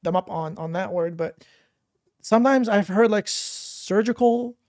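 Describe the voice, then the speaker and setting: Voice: medium pitch, measured pace, a little mellow. A podcast host chatting casually, rambling through a personal story with lots of fillers and restarts. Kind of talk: casual interview chat.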